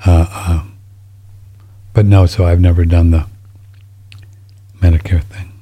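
A man's voice: low-pitched, flat delivery, slow, warm tone, breathy edge. A man hosting a show, reading listener emails in a rambling, folksy, casual way, easily moved to tears. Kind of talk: casual chat.

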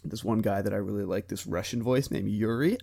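A man in his twenties co-hosts a podcast, chatting casually and rambling with frequent laughs. He talks fairly quickly in a lowish, darkish voice with vocal fry and a breathy edge.

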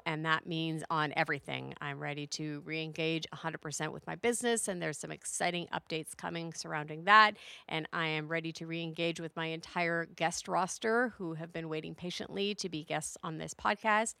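Middle aged woman doing her solo podcast, low raspy-gravelly voice, dry close mic, heartfelt. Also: a bit bright, dry recording. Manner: earnest, heartfelt, building to a rousing finish. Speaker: podcast host.

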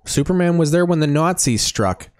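A man's voice: on the high side, expressive, normal speed. A man co-hosting a casual chat while watching a film, making crude profane jokes. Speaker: podcast co-host.

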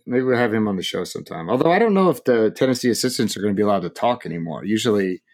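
A man hosting a sports talk show, relaxed and quick to laugh. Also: fairly low pitch. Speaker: host. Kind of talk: casual sports chat.

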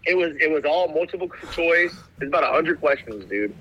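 A man's voice: fairly high pitch, lively intonation, brisk, a bit bright, lo-fi sound. A young man telling a rambling story in casual chat, laid-back, calling everyone "dude". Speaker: guest telling stories.

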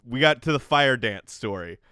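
A man hosting a casual podcast, chatting in a relaxed, playful way and laughing easily with his guest. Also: mid-range voice, normal speed, clean tone, dry recording, clean studio sound. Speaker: podcast host.

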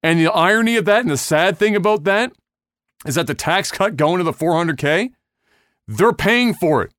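A man's voice: high voice, lively intonation, moderate pace, a bit bright, no echo, clean studio sound. Blunt, profane man ranting. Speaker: podcast host. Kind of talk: casual podcast rant.

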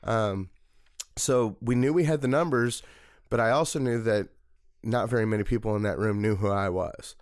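A man's voice: fairly low pitch, moderate pace, dry recording, clean studio sound. A man telling a long, rambling story in a casual interview, with many fillers. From Missouri, United States. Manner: rambling, relaxed, frequent fillers. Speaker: political party committeeman, guest.

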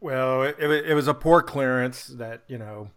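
Husky American man, terse. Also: mid-range voice, normal speed, a bit bright. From Montana, USA. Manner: terse, mutters encouragement under breath. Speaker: podcast guest.

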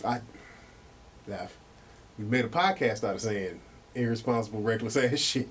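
A man hosting a podcast, telling stories in an animated, profane, casual way. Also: fairly low pitch, moderate pace, slight background noise. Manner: animated and profane, with lots of fillers. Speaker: podcast host.

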